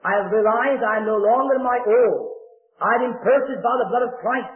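High-voiced older preacher on a tinny echoey tape. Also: male voice, moderate pace. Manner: earnest, swings from raised to hushed. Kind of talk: sermon with told stories. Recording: echoey, tinny lo-fi old recording.

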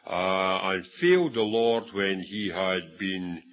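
A man's voice: low-pitched, slow pace, phone-quality sound. A Scottish man preaching a sermon, telling a Bible story and acting out the quoted voices, with frequent restarts. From Scotland.

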